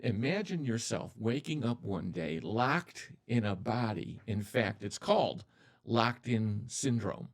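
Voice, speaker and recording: An older man, a pastor hosting a talk show, speaking straight to the viewer and repeating key words for emphasis in a storytelling way. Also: medium pitch. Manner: storytelling, addresses the viewer directly. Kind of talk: video talk show monologue.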